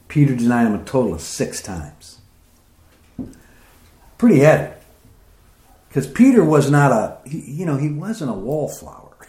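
Man preaching scripture in an echoey room. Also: warm tone. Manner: reads scripture aloud then comments, rising in pitch as he grows emphatic. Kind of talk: sermon reading and explaining scripture.

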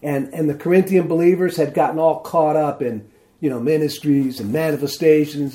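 A man preaching a sermon in a relaxed, conversational way, reading scripture aloud and often asking "see?" to his listeners. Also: a little high, moderate pace. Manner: conversational, asks "see?" and "isn't that something?"; reads scripture aloud with emphasis. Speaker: pastor.

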